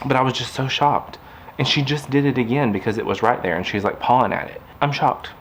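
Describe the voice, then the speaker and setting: A man's voice: medium pitch, a little fast, slight background noise. A man talking casually to camera in a craft vlog, rambling and chatty, turning aside to talk to his puppy. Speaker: craft vlogger. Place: indoors at home.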